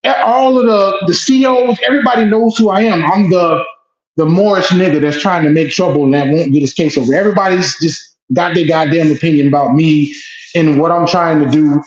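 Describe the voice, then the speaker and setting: High-voiced man telling his story. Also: a little fast. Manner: animated storyteller who repeats phrases and swears. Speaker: guest. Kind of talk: emotional first-person account. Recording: echoey dull lo-fi room.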